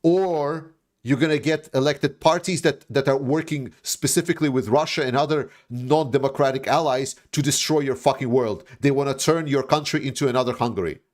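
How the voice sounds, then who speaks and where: Fired-up guy from the former soviet bloc, live streaming, keeps repeating himself, swears a lot, mid-pitched voice. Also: brisk. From Eastern Europe, post-Soviet. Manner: emphatic, repetitive, swears when angry. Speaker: livestream host. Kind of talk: impassioned political livestream monologue.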